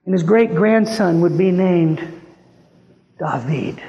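A man preaching a sermon as a pastor, impassioned, swinging between hushed and rising pleading. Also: high-pitched, slow pace, lo-fi sound. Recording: long hall reverb.

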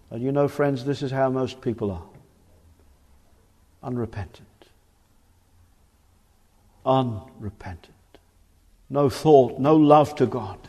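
This is a fervent church sermon from a man in his forties with a mid-range voice. He shifts from emphatic pronouncements to quiet, grave warnings, and the hall around him echoes.

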